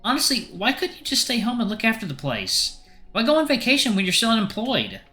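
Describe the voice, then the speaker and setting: A man's voice: high-pitched, huge pitch swings, brisk, bright, forceful tone, faint music behind, pitched above the performer's own voice, full character voice. A man doing a nagging, worried mom. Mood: exasperated. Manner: scolding, exasperated. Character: worried nagging middle-aged mother.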